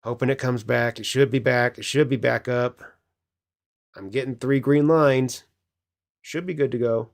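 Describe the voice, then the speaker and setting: A man's voice: medium pitch, fairly even intonation, unhurried, vocal fry, pauses often. A man doing profane, mocking reaction commentary on a live stream. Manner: angry, crude, mocking.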